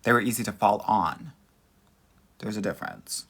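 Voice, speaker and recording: A man's voice: fairly low pitch, normal speed, a bit bright, husky. Sassy man calling everyone honey. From United States. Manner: sassy, flamboyant, calls listeners honey and girl. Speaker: dating coach. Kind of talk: live-stream Q&A reading viewer comments.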